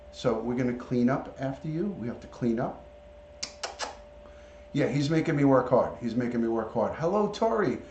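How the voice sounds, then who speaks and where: A man's voice: mid-range voice, darkish tone, a little hiss or hum. A man hosting a casual livestream, coaxing his pet in baby talk and greeting viewers by name, picked up by a device mic rather than a clip-on. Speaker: livestream host. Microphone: camera or device mic, not clipped on. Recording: roomy, dull lo-fi stream audio.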